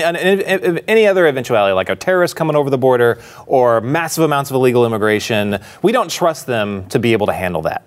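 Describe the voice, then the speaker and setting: Male co-host, panel chat, mid pitch, lively emphatic delivery. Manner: animated, emphatic, repeats key points. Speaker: podcast co-host.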